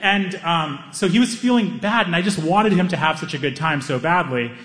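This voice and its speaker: A young man doing stand-up comedy, telling a story with animated delivery and acting out the people in it. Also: a little high, moderate pace, in a large hall.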